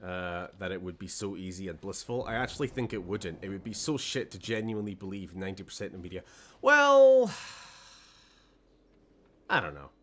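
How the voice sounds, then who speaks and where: A man's voice: sits low, fast talker, few pauses, a bit bright. A Scottish man hosting a gaming channel, chatting wryly and often laughing during a let's play. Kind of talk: let's play commentary chat.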